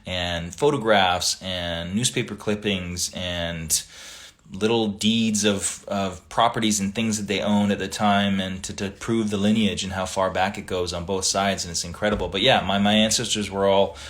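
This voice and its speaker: Man, fairly low voice, casual livestream host, chatty, reads viewer comments aloud. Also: normal speed. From Italian family background. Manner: relaxed, chatty, greets viewers by reading their comments aloud.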